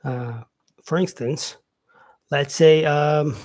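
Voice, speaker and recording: Male English teacher, slightly higher pitch, relaxed and repetitive explainer. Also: very slow. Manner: repeats example sentences, frequent "yeah" and "um" fillers. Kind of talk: casual spoken lesson.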